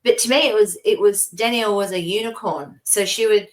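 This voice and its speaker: A woman's voice: mid-range voice, brisk. A middle-aged Australian woman co-hosting a casual podcast, telling personal stories in a rambling way with frequent laughs. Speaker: co-host.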